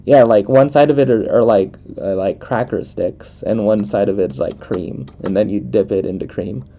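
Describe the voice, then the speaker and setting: A man's voice: fairly low pitch, normal speed, warm tone, slight background noise. A young man from the United States chatting casually while playing a video game, rambling with lots of fillers and frequent laughs. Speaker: let's play host. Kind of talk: casual chat while gaming. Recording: dull lo-fi microphone.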